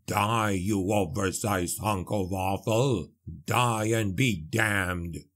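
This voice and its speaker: A man voicing a huge, gruff, one-eyed dwarf warrior who growls and snarls with contempt. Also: fairly low pitch, takes it slowly, fairly bright tone. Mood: bellowing.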